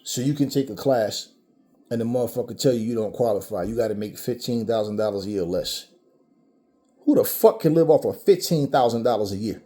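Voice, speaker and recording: A man's voice: medium pitch, lively intonation, brisk, dark tone. A man from the Caribbean giving a blunt, profane commentary monologue, talking emphatically and swearing freely. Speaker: vlogger.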